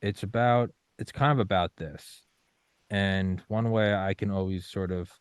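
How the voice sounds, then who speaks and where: Deep-voiced young man, intense and profane. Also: fairly even intonation, a little slow, smooth, dry recording. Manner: intense, swearing, acts out his own panicked inner voice. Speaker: podcast guest. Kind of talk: casual interview talk.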